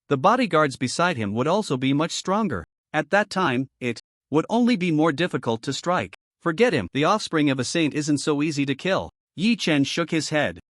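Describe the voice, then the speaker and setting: A man narrating a fantasy story recap in a steady scripted read, voicing the characters' quoted lines. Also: a little high, no room sound, studio quality.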